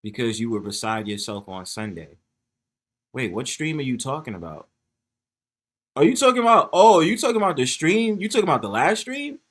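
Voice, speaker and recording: A man's voice: mid-range voice, very animated, brisk. A man hosting a casual livestream from his phone. He swears often, laughs a lot and talks straight to his viewers in the chat. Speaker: livestream host.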